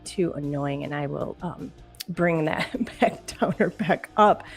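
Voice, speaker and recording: Chatty woman host over faint music. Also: on the low side. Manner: chatty and emotional, laughs often. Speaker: podcast host. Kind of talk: casual live-stream chat.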